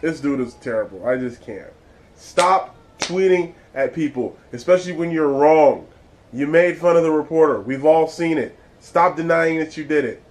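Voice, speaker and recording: A male vlog host rants in casual commentary, blunt and swearing freely. His voice sits a little high, and his tone stays exasperated throughout. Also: moderate pace, a little hiss or hum, poor audio.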